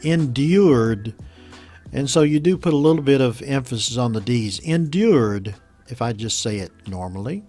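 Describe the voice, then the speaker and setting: A man teaching English vocabulary and pronunciation, explaining slowly and patiently and repeating each model word. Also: mid-range voice, animated, darkish tone, soft background music. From United States. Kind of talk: teaching vocabulary from a news story.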